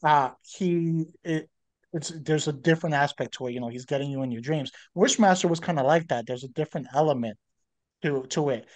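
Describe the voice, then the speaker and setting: A man's voice: fairly high pitch, brisk. A man co-hosting a podcast in casual chat, rambling with fillers and restarts. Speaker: podcast co-host.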